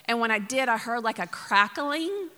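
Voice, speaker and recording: A woman's voice: fairly high pitch, animated, moderate pace, pushed and bright, long reverb tail. A woman pastor from Mississippi preaching a sermon, telling funny stories with laughs and sudden emphatic bursts.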